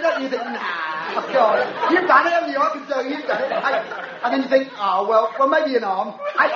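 Bloke doing a pushy club comic, nags the crowd over and over, muffled, crowd all round. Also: male voice, very high-pitched, very noisy. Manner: brash, repetitive, badgering the crowd. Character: brash pushy club comedian, man, middle-aged. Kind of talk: stand-up routine in a sketch. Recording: echoey, muffled, audience laughter.

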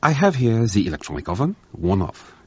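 A man voicing an excitable head cook, theatrical and emphatic in his denials, on a dull, dry lo-fi recording. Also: fairly low pitch, fairly quick, breathy edge, dry recording, pitched above the performer's own voice. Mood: indignant.

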